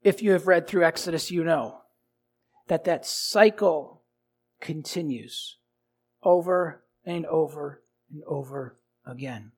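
Husky and slow-paced, this pastor's sermon moves between forceful loud emphasis and hushed, low lines. He keeps asking his congregation rhetorical questions.

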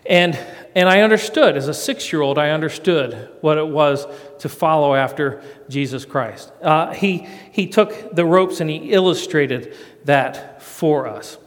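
A man's voice: fairly high pitch, a little slow, long reverb tail. A middle-aged man telling a self-mocking, folksy story to a live church audience and demonstrating rope tricks as he talks. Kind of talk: storytelling sermon.

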